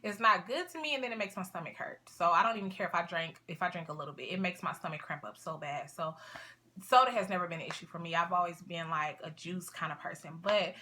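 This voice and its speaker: Bright-voiced chatty young woman vlogger. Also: on the low side, lively intonation, fast. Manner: chatty, rambling, lots of fillers and asides. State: sniffling. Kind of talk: casual talk to camera.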